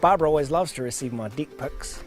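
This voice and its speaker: A man with a New Zealand accent playing a straight-faced pitchman in a commercial. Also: quick pace, soft background music, lightly acted. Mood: deadpan earnest. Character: earnest male deck-sealant pitchman.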